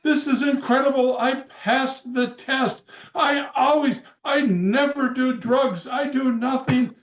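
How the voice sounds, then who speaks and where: A cheerful, clueless old wrestler, pitched high and bright, as a man puts him on in a story. The sound is roomy and a little dull. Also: slow, recorded from a distance. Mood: delighted. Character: older male wrestler, thick-accented, cheerful and clueless.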